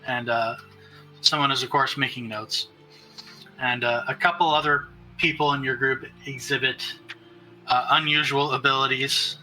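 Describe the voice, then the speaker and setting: A man narrating as game master in a tabletop game, relaxed and halting, with many fillers. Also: medium pitch, soft background music, low-quality recording.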